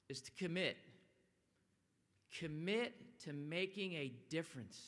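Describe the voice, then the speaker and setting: A man delivers a motivational talk in a large atrium, his voice bright and forceful. His pitch sits a little high for a man, and his delivery is animated, rising into loud bursts when he quotes. A long reverb trails every phrase. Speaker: event speaker. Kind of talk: motivational speech. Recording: long echo of a large hall.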